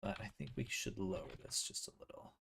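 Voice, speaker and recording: A man's voice: on the low side, expressive, fairly quick, gravelly, sharp tone, a little hiss or hum. A man streaming casually, muttering to himself as he works on a building project. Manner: muttering to himself while working. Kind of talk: casual livestream chat.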